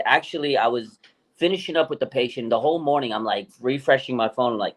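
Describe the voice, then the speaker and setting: A man co-hosting a live sports talk stream, telling stories in an excited, rambling way. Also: medium pitch, fast talker, low-quality recording. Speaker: podcast co-host.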